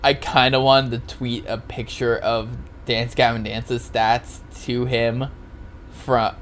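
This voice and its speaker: A man's voice: medium pitch, flat delivery, takes it slowly, a bit bright, a little hiss or hum. A man co-hosting a podcast in loose, rambling casual chat, laughing often and swearing freely. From Oregon, US. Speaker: podcast co-host.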